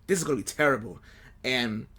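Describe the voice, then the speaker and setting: A man's voice: medium pitch, expressive, brisk, bright, forceful tone, husky. A man co-hosting a casual sports podcast, talking animatedly and with frustration, repeating himself as he complains about his team. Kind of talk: casual fan chat.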